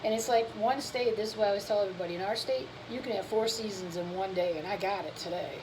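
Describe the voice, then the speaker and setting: A woman speaks quickly in a mid-range voice with background noise behind her while hosting her cooking channel. She yawns and sounds tired, chatting candidly and rambling to viewers about fitness and how she feels.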